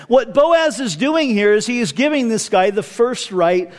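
Male pastor, high voice, preaching a relaxed conversational sermon. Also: moderate pace, few pauses. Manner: conversational, with casual asides.

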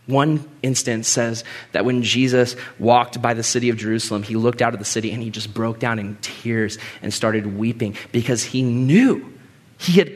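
A man preaching a sermon to a room full of people, rising to loud emphatic peaks and dropping to soft, low passages. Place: room with an audience.

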